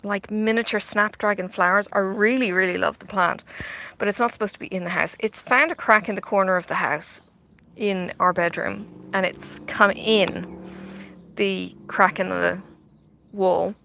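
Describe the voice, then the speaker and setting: A woman's voice: medium pitch, fairly even intonation, moderate pace, gravelly, pushed and bright. A middle-aged woman, chatting casually while she stitches outdoors in the sun, rambling with many fillers and dropping into half-whispered asides. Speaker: vlogger.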